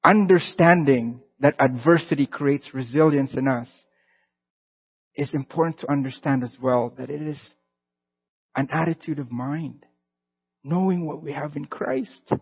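Guy preaching a sermon, kinda husky voice a bit on the high side, long echo like a big hall, dull lo-fi sound. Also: unhurried. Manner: conversational preaching with rising emphatic bursts. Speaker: pastor.

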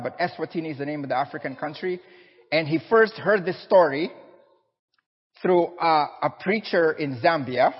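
A male preacher tells a story in a sermon with a husky, fairly high voice. He is recorded in a church hall that gives long echoes and a dull, muffled sound. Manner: animated storyteller.

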